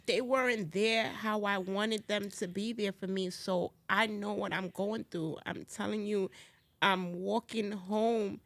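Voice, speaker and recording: A woman's voice: medium pitch, steady tone, unhurried, dry recording. A woman, a guest on a podcast, telling her story with passion and repeating herself as she rises near to tears. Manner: impassioned, repetitive, rising to near tears. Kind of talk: emotional testimony in a podcast conversation.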